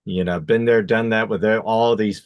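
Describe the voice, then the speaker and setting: A man's voice: lowish voice, steady tone, clean tone, no echo. A male guitarist in a casual interview, talking reflectively and correcting himself mid-sentence. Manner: reflective, halting, self-correcting. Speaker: guitarist, band member.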